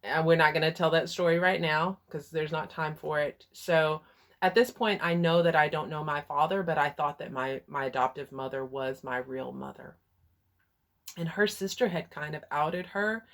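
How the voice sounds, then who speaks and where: A woman from Texas with a Texas accent, telling a personal story in a frank, candid way with some hesitations. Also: sits low. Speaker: vlogger and life coach.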